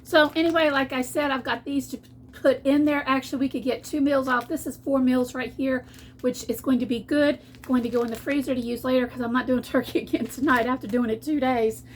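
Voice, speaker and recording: Chatty woman, high voice. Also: fairly even intonation, fairly quick, a little hiss or hum. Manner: chatty, folksy, restarts often. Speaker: cooking vlogger. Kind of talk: casual cooking vlog. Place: home kitchen.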